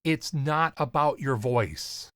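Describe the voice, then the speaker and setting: A man with a slight lisp, coaching on voiceover in an earnest, emphatic talk to camera with deliberate pauses. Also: mid-range voice, a bit bright, dry recording, clean studio sound. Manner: casual, swears lightly. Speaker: voiceover coach and podcast host.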